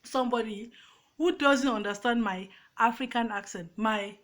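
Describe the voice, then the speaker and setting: A woman's voice: fairly high pitch, moderate pace, a bit bright. A woman with a Cameroonian accent, a YouTuber speaking emphatically and emotionally to her phone's front camera, with frequent restarts. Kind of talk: casual to-camera rant.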